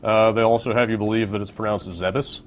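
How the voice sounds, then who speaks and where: A man's voice: fairly low pitch, monotone, very fast, slight background noise. Laid-back man rambling over gameplay. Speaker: co-host playing the game. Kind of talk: casual gameplay commentary.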